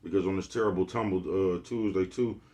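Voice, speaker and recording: A laid-back vlogger with a deep, low voice speaks fairly quickly, addressing his viewers directly. His motivational monologue wanders loosely, and he keeps returning to the phrase "you know what I'm talking about."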